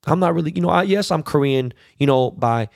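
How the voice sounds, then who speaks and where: A man with a gravelly, fry-edged voice rants as a podcast host. He is profane and heated, and hammers his points by repeating words. The sound is dry and close. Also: a little high, expressive, a little fast, a little mellow, no echo. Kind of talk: casual ranting commentary.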